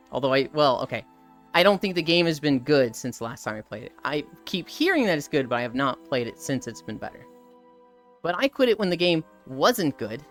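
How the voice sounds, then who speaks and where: A woman streamer chatting casually and emphatically while she walks, piling up points in long lists. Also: lowish voice. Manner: opinionated, emphatic, builds up lists. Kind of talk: casual live-stream chat.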